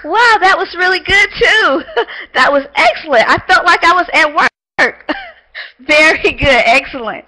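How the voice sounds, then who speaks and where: A woman's voice: very high-pitched, lively intonation, a little slow, bright, forceful tone, poor audio. A woman teaching an online English class, heaping praise on her students and calling on them by name. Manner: encouraging, lots of praise.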